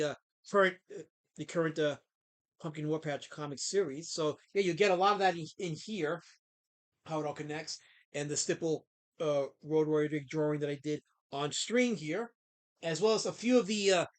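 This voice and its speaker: A middle-aged man who creates comics, chatting casually on a live stream, rambling with many fillers and snapping back at his chat. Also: fairly high pitch.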